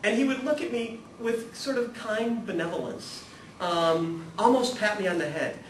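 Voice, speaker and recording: A man giving a humorous, animated spiritual talk to a live audience, acting out the people in his stories and swinging from hushed to loud. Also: high voice, moderate pace. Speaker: guest speaker at a spirituality talk series. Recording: echoey room, voice from far off, audible noise.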